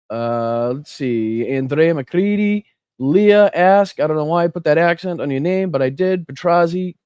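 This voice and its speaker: A man's voice: a little high, a little mellow, clear, resonant tone, no room sound, muffled recording. A middle-aged man with a Boston accent hosting a casual political livestream, greeting viewers by name and swearing freely. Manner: casual, swears freely, reads out chat names. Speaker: host of a political livestream show. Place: home room with air conditioner running.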